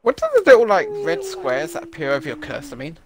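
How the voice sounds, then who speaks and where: A man's voice: fairly high pitch, wildly swooping pitch, quick pace, noisy background. A man making jokey, musing asides while streaming a game with friends. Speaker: charity stream gamer. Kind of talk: casual gaming chat.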